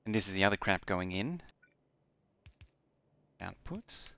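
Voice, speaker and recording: A man's voice: deep voice, big pitch swings, unhurried, creaky, sharp tone, no room sound. A man streaming a game, slightly tipsy from beers, mumbling half-sentences and counting aloud to himself as he builds. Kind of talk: casual muttering while playing.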